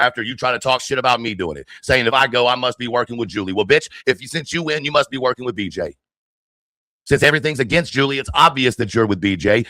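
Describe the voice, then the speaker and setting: A furious man rants into a close, dry microphone, hurling insults and challenges. His voice sits at an ordinary middle pitch. The delivery is confrontational and profane throughout. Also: bright, forceful tone, dry recording. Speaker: livestreamer. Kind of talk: angry livestream rant.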